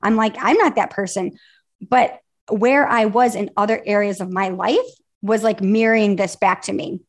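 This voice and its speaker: A woman in her forties speaks as a podcast guest in casual chat. She talks openly and retells her own conversations. Her pitch sits in the middle range. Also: fairly even intonation, moderate pace. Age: 40s. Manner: open, chatty, retells conversations. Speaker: podcast guest, business mentor.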